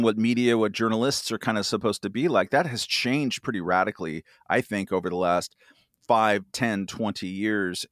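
Male guest, fifties, lower register, rambling and self-mocking, dry close-miked sound. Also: dry recording. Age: 50s. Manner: rambling, full of fillers and self-deprecating asides. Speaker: podcast guest. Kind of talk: casual chat.

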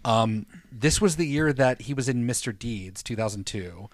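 Dry-voiced, animated podcast guy. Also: mid-range voice, moderate pace, no echo. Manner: animated, swears freely, laughs often. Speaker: podcast co-host. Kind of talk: casual chat.

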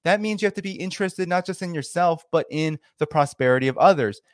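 A man's voice: a little high, animated, fast talker, dry recording, studio quality. A man hosting a solo political commentary, talking in an impassioned, repetitive way with many fillers.

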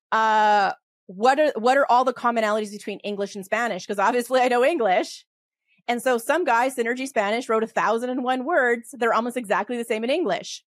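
A middle-aged woman with a Western Canadian accent, a podcast guest talking fast and animatedly in casual conversation, often laughing and restarting her sentences. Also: fairly high pitch, no room sound. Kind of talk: casual interview talk.

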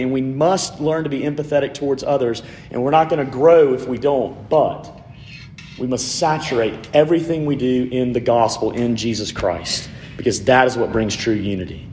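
A man preaches with steady emphasis, stacking phrases in repeated lists. His voice sits a bit high for a man. The sound is roomy and echoey, with a faint low rumble underneath. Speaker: pastor. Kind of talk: sermon.

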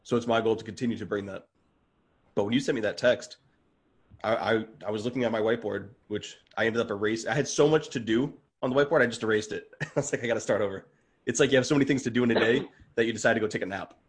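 A man's voice: fairly low pitch, quick pace, husky. A man talking as a podcast guest in casual conversation, earnest and open, often restarting his sentences and getting worked up as he goes.

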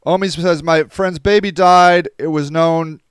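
A man's voice: a little high, fairly even intonation, a little slow, clean tone, no room sound. A tired man with a stuffy nose, hosting a podcast livestream and reading viewer comments in a rambling, casual way. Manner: rambling, restarts, reads viewer comments aloud. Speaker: podcast host reading live chat.

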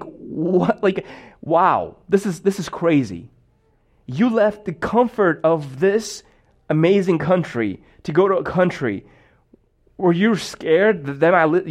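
A young man delivers a sermon as if chatting with friends, looping through stories with plenty of "like" and false starts. His voice sits a little higher than most men's. He talks loosely and conversationally rather than in a formal pulpit manner. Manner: casual storytelling with many fillers. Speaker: pastor.

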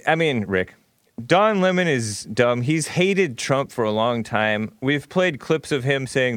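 Opinionated talk show host, dry mic. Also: male voice, mid-range voice, dry recording. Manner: opinionated, rambling, laughs often. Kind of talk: casual call-in radio commentary.

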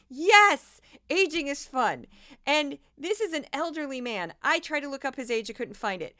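A woman's voice: high-pitched, animated, normal speed, sharp tone, dry recording, clean studio sound. A woman in her forties hosting a podcast, giving casual, sarcastic and exasperated commentary on news clips. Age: 40s. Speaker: podcast host.

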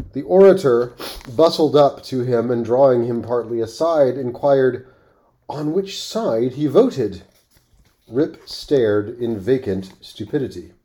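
A man reading a classic story aloud on his podcast, expressive, with offhand asides. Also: medium pitch.

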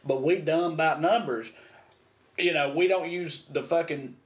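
A young American man, co-hosting a podcast, telling a story in a loud, cursing, animated way. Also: fairly high pitch, measured pace, echoey room. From United States. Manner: profane, animated storyteller with a Southern drawl. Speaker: podcast co-host. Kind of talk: casual storytelling chat.

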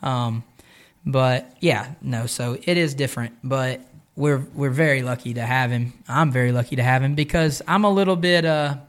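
A man talking casually on a podcast about coaching and training, relaxed and rambling with a self-deprecating manner. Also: medium pitch, moderate pace. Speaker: podcast guest, jiu-jitsu coach. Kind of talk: casual chat.

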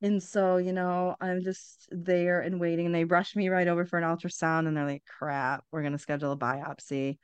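Woman in her forties, low voice, dry close sound, blunt and wry, swears a lot, candid storytelling. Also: little pitch movement, normal speed, few pauses, smooth, dry recording, dull audio. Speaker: podcast guest.

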